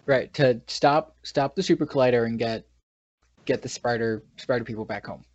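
A man's voice: mid-range voice, normal speed, darkish tone. A man from New York recapping a movie in casual chat, retelling scenes with frequent restarts and trailing sentences. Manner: rambling retelling with many restarts. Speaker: podcast co-host. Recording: dull, dry lo-fi recording.

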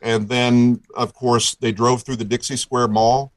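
A middle-aged man spins a long, excited tale as a podcast guest, tripping over his own sentences as he goes. His voice sits in an ordinary middle register. It is recorded bone dry, with no room sound at all. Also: medium pitch, a little slow, no room sound, low-quality recording. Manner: enthusiastic, rambling, with frequent restarts. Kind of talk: casual storytelling chat.

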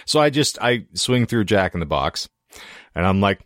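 A man co-hosting a podcast with a hoarse, sore throat, telling long rambling stories with wry asides. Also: lowish voice, very animated, moderate pace, a bit bright, dry recording, clean studio sound. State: hoarse throat after illness. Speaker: podcast co-host. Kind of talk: casual podcast chat.

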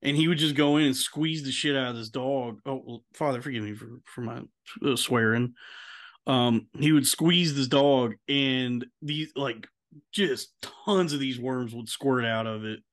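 This podcast co-host keeps saying "dude" as he rambles through a long story in casual chat, imitating other people's voices when quoting them. His medium-pitched voice moves at a measured pace.

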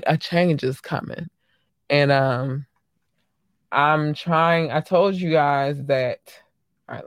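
A woman hosting her own podcast in casual solo chat, giving effusive shout-outs to listeners with frequent ums and sudden animated bursts. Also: low voice, vocal fry, no room sound. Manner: animated, swings into loud excited bursts. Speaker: podcast host.

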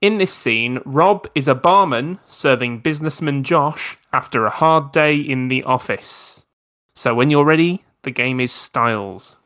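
A man's voice: mid-range voice, a little slow, a bit bright. Man, improv show host, giggly, announcing games.

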